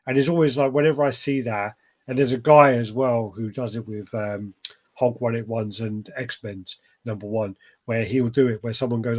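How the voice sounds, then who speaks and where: A man's voice: mid-range voice, a little mellow. A man hosting a podcast, telling rambling stories with swearing and frequent restarts. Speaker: podcast host. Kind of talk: casual chat.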